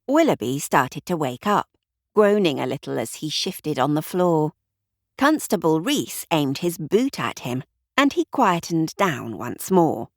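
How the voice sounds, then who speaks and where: A woman narrating a mystery audiobook with expressive storytelling. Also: low voice, unhurried, dry recording, clean studio sound. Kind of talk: scripted narration.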